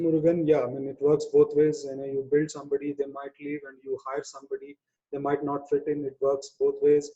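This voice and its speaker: A man's voice: mid-range voice, mellow, dull audio. A man speaking as a webinar presenter on people management, conversational, with many "you know" fillers. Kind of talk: webinar talk.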